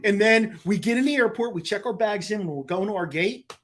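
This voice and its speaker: A man's voice: high-pitched, animated, fairly quick, a bit bright. A man co-hosting a podcast, telling a travel story in casual chat and acting out the conversations he quotes. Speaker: podcast co-host.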